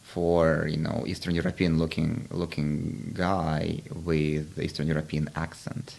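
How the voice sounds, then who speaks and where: A man's voice: extremely low pitch, flat delivery, unhurried, creaky, a little mellow. A man hosting a podcast interview, explaining ideas in a reflective, casual way with frequent restarts. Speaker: podcast host.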